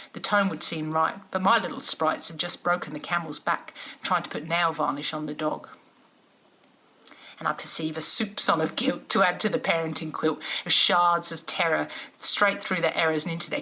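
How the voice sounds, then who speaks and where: A woman with an Australian accent reading her own poem aloud in a wry, expressive, rhythmic way. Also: low-pitched. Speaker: poet. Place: at home.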